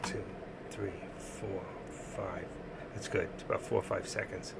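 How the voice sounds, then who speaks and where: Gravelly New York man, blunt and rambling. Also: sits low, unhurried, heavy background noise. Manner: blunt, rambling and excitable, laughing often. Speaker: live stream host. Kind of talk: casual live stream chat.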